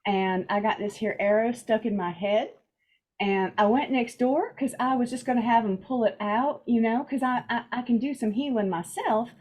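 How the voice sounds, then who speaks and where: A woman's voice: on the high side, moderate pace, a little mellow, lightly acted. A woman voicing a polite, easygoing adventurer in a tabletop game, rambling chattily. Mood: friendly. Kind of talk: tabletop role-play.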